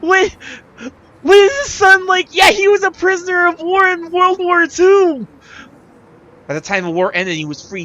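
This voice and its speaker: A streamer quietly reading a game's character profile aloud, with small stumbles. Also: medium pitch, dull audio, a little hiss or hum. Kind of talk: reading game text aloud on a livestream. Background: game music.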